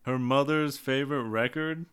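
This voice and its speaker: Smooth-voiced man chatting casually. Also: medium pitch, moderate pace, a bit bright. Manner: profane, jokey, acts out quotes. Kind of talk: casual chat about a video game.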